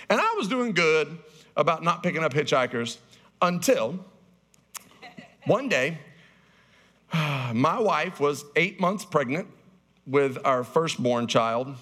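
A man's voice: on the high side, bright, forceful tone. A man in his thirties preaching a sermon in a folksy, conversational way, with humorous storytelling. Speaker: guest preacher.

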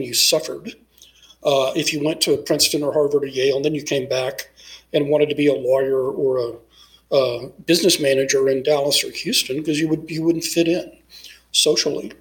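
A middle-aged man from Texas holds forth as a guest in a relaxed interview. His voice sits a little high for a man. He thinks out loud, stacking fillers and false starts as he goes. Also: rough recording. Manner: discursive, many fillers and restarts. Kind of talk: casual interview conversation.

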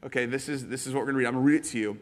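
A man in his thirties preaching a sermon as pastor, telling stories quickly with lots of fillers and animated bursts. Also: mid-range voice. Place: church sanctuary. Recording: reverberant church hall.

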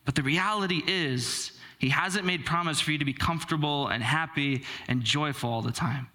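A man's voice: fairly high pitch, normal speed, sharp tone. A young man preaching a sermon to a church, telling a self-deprecating personal story in a conversational way with frequent filler words. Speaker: pastor.

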